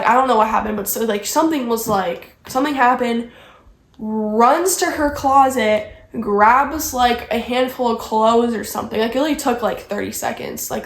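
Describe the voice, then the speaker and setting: A young woman vlogger chats through a story in a high voice, rambling and leaning on "like" between phrases. The room around her is echoey. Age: young adult. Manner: rambling, heavy use of "like". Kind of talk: casual storytime chat.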